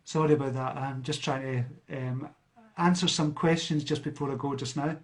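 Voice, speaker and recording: A man's voice: mid-range voice, steady tone, moderate pace. A Scottish man from near a large city, a self-help speaker chatting on a live stream, reading out viewer comments and answering them. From Scotland. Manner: chatty, with fillers and restarts.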